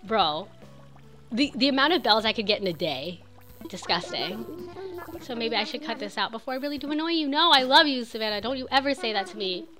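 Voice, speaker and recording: A young woman chatting excitedly while streaming a video game, full of "like" and quick reactions. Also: a little high, faint music behind. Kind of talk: casual game streaming chat.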